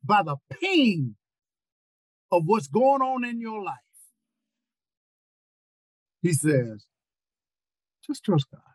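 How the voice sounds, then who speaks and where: Older man, sermon on a video call, lively swinging pitch, husky voice, dry sound. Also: extremely slow, pauses often, no room sound, poor audio. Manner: repeats words, rises into near-shouts. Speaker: preacher.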